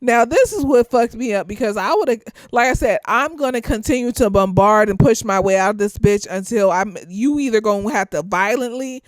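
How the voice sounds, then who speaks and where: Animated, profane woman recapping a movie. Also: a little high, moderate pace, few pauses, dry recording. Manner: animated, swearing freely, laughing, acting out characters. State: slightly tipsy. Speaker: movie reviewer.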